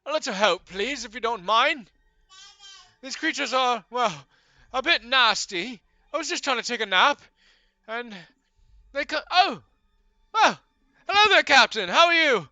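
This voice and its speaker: A man's voice: very high voice, lively intonation, unhurried, pauses often, sharp tone, no room sound, pitched above the performer's own voice, full character voice. A man voicing a polite, flustered owl-like creature who talks in a genteel, chatty way.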